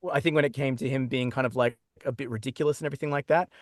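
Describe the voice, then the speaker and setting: A man with an Australian accent, chatting as a guest in an interview, talking in quick restarts and laughing easily. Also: mid-range voice, fairly even intonation, no room sound, studio quality. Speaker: guest voice actor. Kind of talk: casual interview chat. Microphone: own microphone.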